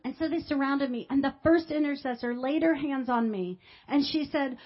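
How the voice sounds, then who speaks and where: A woman pastor telling a personal testimony in a sermon, with emotional storytelling that swings from quiet to loud. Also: high-pitched, fairly quick, hardly any pauses, highs cut off.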